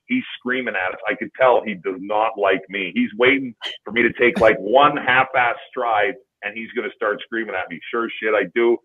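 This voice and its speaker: A man tells rambling, profane career stories in a casual podcast chat. His voice sits low and sounds husky. It comes through a tinny, phone-like line. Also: moderate pace, hardly any pauses. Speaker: podcast guest, former hockey player. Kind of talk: casual storytelling.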